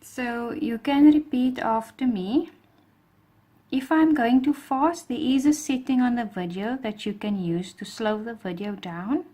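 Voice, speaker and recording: A woman's voice: fairly high pitch, a little slow, dark tone. A woman teaching a lesson with patient explanations and careful pronunciation. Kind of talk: slow, patient alphabet lesson.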